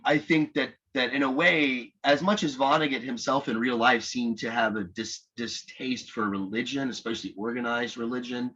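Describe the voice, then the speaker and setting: A man's voice: medium pitch, a bit bright, slightly rough, dull audio. A man teaching a literature lecture in a conversational, rambling way, often restarting his sentences.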